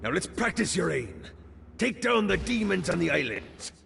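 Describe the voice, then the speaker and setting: An actor playing a boisterous, scheming pirate captain in a video game, with a gravelly pirate brogue and swaggering, theatrical delivery. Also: male voice, high-pitched, sing-song, moderate pace, fairly bright tone, a little hiss or hum, exaggerated voice. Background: game music.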